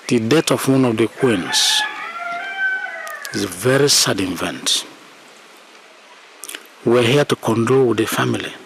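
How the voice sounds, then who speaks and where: A grave Nigerian village chief. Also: male voice, mid-range voice, vocal fry, fairly bright tone, slight background noise, low-quality recording.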